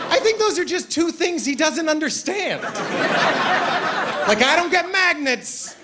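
A male stand-up comedian performing a routine on stage, animated and mocking as he acts out characters. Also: very high-pitched, takes it slowly, long pauses, heavy background noise. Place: comedy stage before an audience. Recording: live stage set with loud crowd laughter.

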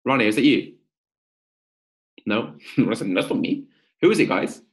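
A man hosting a live-stream coaching pitch, energetic and upbeat, calling out viewers by name. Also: measured pace.

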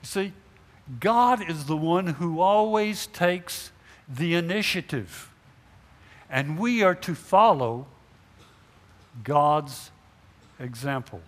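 A man's voice: a little high, lively intonation, slow pace, long pauses. A middle-aged male pastor giving a sermon in a church sanctuary, asking the congregation questions and acting out imagined conversations. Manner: acts out imagined dialogue, asks the congregation questions. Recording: long hall reverb in a church.

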